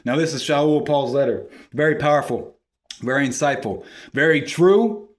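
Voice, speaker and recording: A man's voice: a little high, moderate pace. A man earnestly reading scripture aloud and stopping to correct his own slips, then adding short comments of his own. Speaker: scripture reader and preacher.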